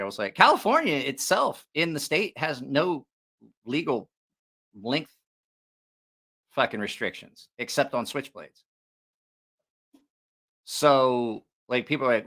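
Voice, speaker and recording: A man hosting a knife channel, telling stories in a casual, profane, animated way. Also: mid-range voice, moderate pace. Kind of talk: casual storytelling chat.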